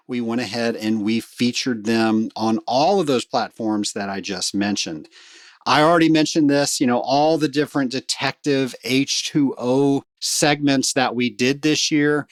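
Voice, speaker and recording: A man's voice: mid-range voice, dry recording. A middle-aged man hosting a podcast, telling stories in a chatty way and speaking straight to his listeners. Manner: chatty storyteller, warm asides to listeners. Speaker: podcast host. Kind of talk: casual podcast monologue.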